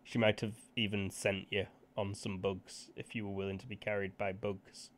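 A man narrating as game master of a tabletop game, measured and unhurried with small fillers. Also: fairly low pitch, flat delivery, a little hiss or hum.

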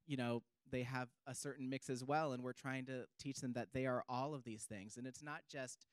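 A man from Ohio talks on a panel in a measured, reflective way, sometimes pausing to find his words. His voice is smooth and resonant at a middle pitch. The recording is dry and close. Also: steady tone, no echo. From Worthington, Ohio. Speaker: journalist on a panel. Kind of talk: panel discussion.

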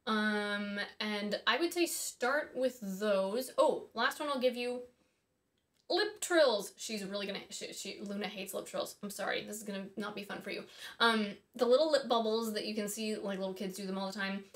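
Speaking at a moderate pace in a mid-range voice, a woman gives casual singing instruction. She teaches voice and harp, and her explanations wander through thinking aloud and small side comments.

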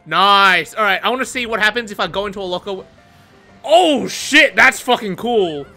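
A young woman giving casual, excitable commentary over her own gameplay, swearing and laughing often. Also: medium pitch, normal speed, soft background music. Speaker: gaming streamer.

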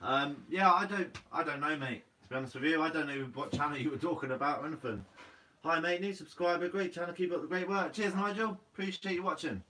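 A man's voice: fairly high pitch, quick pace, sharp tone, recorded from a distance, poor audio. A young man from Guernsey with a Guernsey accent, hosting a fishing channel's live Q&A, reading out comments in a laid-back, slightly sleepy way and calling everyone "mate". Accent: Guernsey English.

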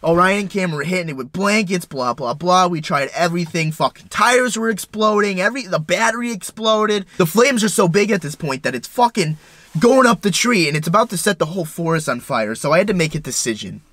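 A young man vlogging, retelling a story in an excitable, profane way with lots of stumbles and restarts. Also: high-pitched, a little fast, no echo. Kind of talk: casual storytelling.

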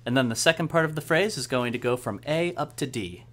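A man gives a step-by-step accordion lesson in a lively, varied voice. He explains each idea methodically and counts beats aloud. Loud accordion music plays right alongside his talk. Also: mid-range voice, a little fast. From United States. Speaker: accordion teacher. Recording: accordion playing throughout.

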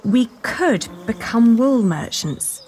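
Earnest young noble lady in a game, bit high, lively voice, faint noise behind. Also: slow. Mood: reassuring. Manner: earnest, persuasive, reassuring. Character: young noblewoman, resourceful and determined older sister. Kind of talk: video game voice acting.

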